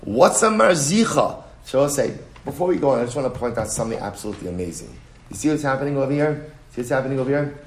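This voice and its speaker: A man teaching a text study lesson in an animated way, full of rhetorical questions. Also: medium pitch, quick pace. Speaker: Talmud teacher. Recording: roomy echo.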